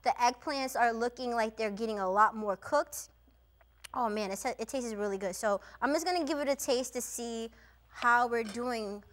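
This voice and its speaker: A young woman hosting a cooking show, chatting casually and telling a travel story while she cooks, with lots of "like" and "you know". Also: a little high.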